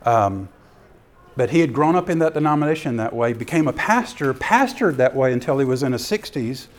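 A man giving a sermon-style ministry talk as an animated storyteller who acts out scenes. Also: mid-range voice, a little fast. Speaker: ministry speaker.

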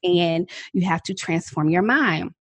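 A woman in her thirties, a podcast guest, telling a personal story in a lively, dramatic, casual way with frequent laughs. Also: lowish voice, measured pace, breathy edge, no echo. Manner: animated, self-described dramatic talker with frequent laughs.

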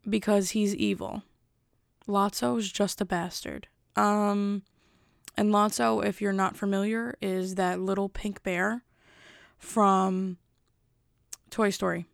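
A woman's voice: mid-range voice, fairly even intonation, takes it slowly, creaky, pauses often, no echo, clean studio sound. A young woman vlogger chatting casually and rambling, often interrupting herself. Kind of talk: casual rambling chat to camera.

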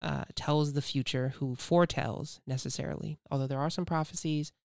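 A man with a Southern US accent co-hosting a casual faith podcast, telling stories with lively acted-out quotes. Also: on the high side, normal speed, gravelly, dry recording, studio quality. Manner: animated storyteller, acts out quoted speech. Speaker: podcast co-host.

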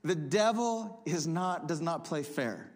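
Animated preaching man. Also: fairly high pitch, slow. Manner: animated preaching, rising to emphatic peaks; reads scripture aloud, then explains it. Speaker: pastor. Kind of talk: sermon.

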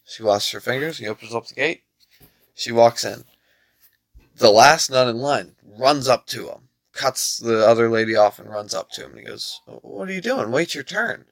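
A man's voice: medium pitch, moderate pace, vocal fry. A man in casual chat telling jokes animatedly, with swearing and laughter.

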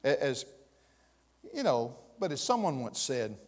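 A middle-aged man with a Southern US accent preaching a sermon as pastor, folksy and emphatic, swelling to loud peaks. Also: medium pitch, sing-song, a little slow, in a large hall. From American South.

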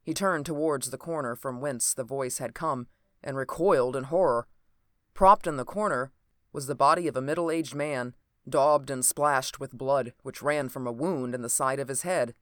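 A narrator reading an old adventure novel aloud in a steady, even storytelling manner. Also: medium pitch, normal speed, no echo, clean studio sound.

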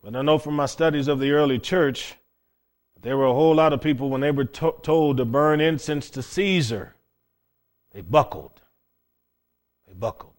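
A man preaching a folksy, plain-spoken sermon with storytelling, swinging between loud and hushed passages. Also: medium pitch, normal speed, pauses often.

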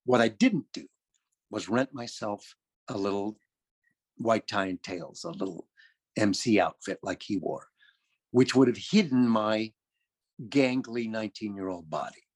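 An older man from California, USA, speaks in a lowish voice, unhurried and with long pauses. He recounts his career through a long, rambling anecdote, chatty and often correcting himself.

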